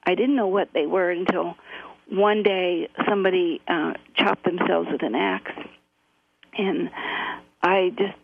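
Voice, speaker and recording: A woman's voice: on the low side, steady tone, unhurried, creaky, noisy background. A middle-aged woman guest telling her story earnestly, with frequent fillers. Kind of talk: interview on a phone line. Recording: tinny phone line.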